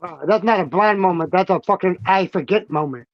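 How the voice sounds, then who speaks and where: A man's voice: sits high, brisk, no room sound, dull audio. A man hosting a livestream in casual chat, swearing freely and getting worked up. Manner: loose, profane, worked up. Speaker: livestream host.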